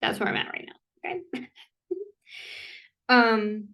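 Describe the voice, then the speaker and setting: A woman talking casually to camera in a rambling, self-interrupting way, filling her speech with "like" and quick apologies, with laughs between thoughts. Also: a little high, level tone, bright, forceful tone. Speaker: vlogger. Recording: voice somewhat distant from the mic.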